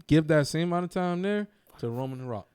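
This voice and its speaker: A young man co-hosting a wrestling podcast in casual, animated chat, swearing and laughing often. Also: a little high, fairly quick, clear, resonant tone. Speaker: podcast co-host.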